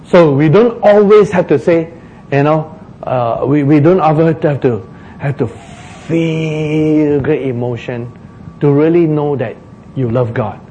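A man preaching a sermon, slow and emphatic, acting out laments dramatically. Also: on the high side, mellow, a little hiss or hum, rough recording. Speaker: pastor.

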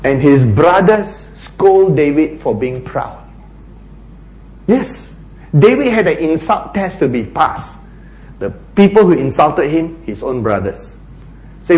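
A man preaching a sermon, emphatic and animated, often acting out quoted lines. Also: on the high side, slow, long pauses. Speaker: pastor. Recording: echoey hall.

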